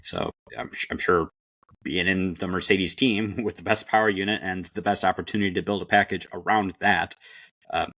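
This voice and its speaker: Low-voiced man hosting a chat podcast. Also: fairly bright tone, breathy edge, no room sound. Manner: hesitant, many fillers and restarts. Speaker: podcast co-host. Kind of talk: casual chat.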